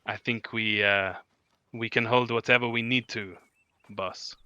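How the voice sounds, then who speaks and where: A man doing a quiet, loyal henchman. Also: fairly low pitch, fairly even intonation, unhurried, clear, resonant tone, no room sound, dull audio. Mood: calm.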